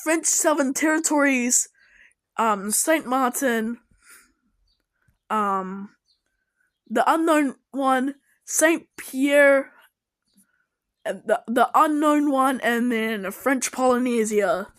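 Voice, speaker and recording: A woman reacting to videos in casual commentary, excitable and exclaiming at the screen. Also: on the high side, extremely slow, pauses often, rough recording. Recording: loud background noise.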